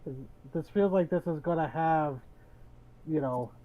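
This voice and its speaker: A man playing a tabletop game over an online voice session, talking in a relaxed, joking way. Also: a little high, a little slow, narrow, tinny audio. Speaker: player. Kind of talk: casual game talk.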